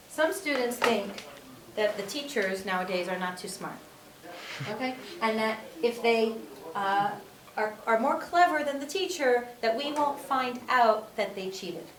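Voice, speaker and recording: A woman with a fairly high voice lectures a class. She repeats her key points and keeps checking in with "okay?". She was recorded from a distance in an echoey classroom with faint background noise. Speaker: teacher.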